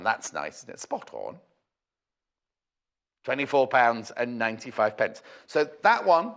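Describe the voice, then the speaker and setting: A man's voice: a little high, vocal fry, fairly bright tone. A man presenting fabric on a live shopping channel, chatty and bubbly with rambling asides and a slightly sore throat. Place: TV studio.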